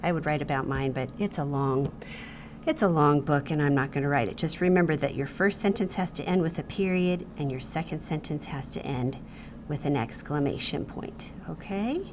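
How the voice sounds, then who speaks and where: A woman's voice: low voice, normal speed, background noise. A woman teacher giving a review lesson to young students, playful and acting out the example sentences.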